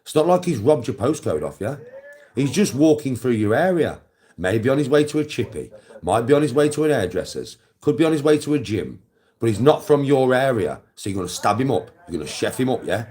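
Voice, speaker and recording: Very animated and a little fast, the middle-aged man speaks at medium pitch with a darkish tone and an English accent. In his role as live-stream host, he lectures the viewer face-on through a coarse, blunt monologue laced with swearing, and answers chat.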